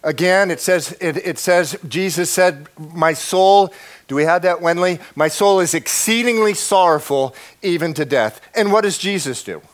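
A man preaching a sermon, dropping to a hush and then rising to loud, impassioned lines. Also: high voice, normal speed. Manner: swings from hushed to shouting, acts out prayers. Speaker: pastor.

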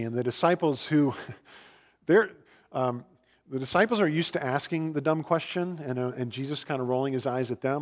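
A man preaching a sermon in a conversational, storytelling way, with fillers and lively asides. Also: medium pitch, normal speed, big-room sound. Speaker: pastor.

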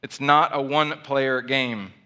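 Bright-voiced man preaching conversationally. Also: mid-range voice, measured pace, smooth. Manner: conversational, animated preaching with asides. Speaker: pastor. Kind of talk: sermon.

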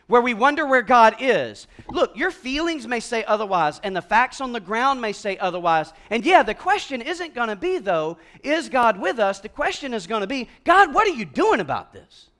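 A man delivers a conversational sermon from the pulpit. His voice sits high for a man, and he often drops to a near hush before building back up to loud emphasis. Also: very animated, normal speed. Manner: conversational preaching, swings from hushed to loud. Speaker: pastor.

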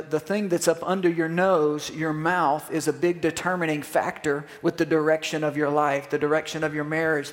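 Lively pastor preaching in a reverberant church. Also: male voice, fairly high pitch. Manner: animated, call-and-response with congregation. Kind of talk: sermon. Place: church sanctuary. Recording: long hall reverb.

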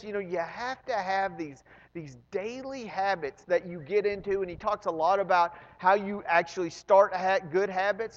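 High-voiced animated preacher in a hall. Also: male voice, muffled recording. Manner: animated, swings from loud emphasis to hushed asides; repeats words and restarts when excited. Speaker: pastor. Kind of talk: sermon.

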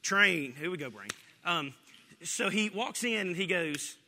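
A pastor preaching an animated, joking sermon, often laughing as he talks. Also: sits high, a little slow, long reverb tail, slight background noise.

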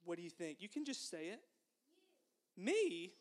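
A woman leading a children's sermon at an unhurried pace. She speaks gently and encouragingly, pausing so the little ones can repeat phrases after her. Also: on the low side, sing-song. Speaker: children's minister.

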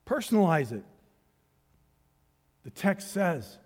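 A man preaching a sermon as pastor, swinging between hushed, searching questions and loud, rising calls to the congregation. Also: a little high, animated, unhurried. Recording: long hall reverb.

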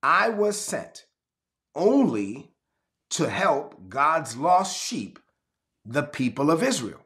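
A man preaching quotes a calm, firm male teacher in a slow, measured voice. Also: on the high side, exaggerated voice.

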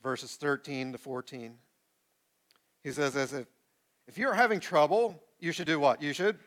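A man's voice: on the high side, a little slow. A man in his forties preaching a sermon to a live congregation, reading scripture and calling out for the room to answer back. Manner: animated, call-and-response with the congregation. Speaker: pastor. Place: church sanctuary with a live congregation.

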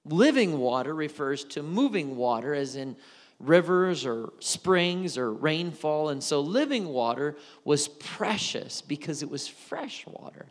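A man preaching a sermon in an animated, conversational storytelling way. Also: fairly high pitch, big-room sound.

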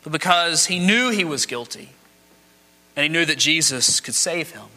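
A man's voice: a little high, animated, normal speed, bright, forceful tone. A man preaching a sermon as pastor, dramatic, acting out the quoted speech of the people in his text. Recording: long hall reverb.

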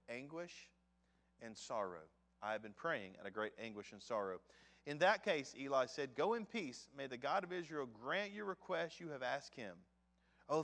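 A man's voice: medium pitch, a bit bright. A man preaching a sermon in a conversational, storytelling way, talking straight to the men in the room. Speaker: pastor. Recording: long hall reverb.

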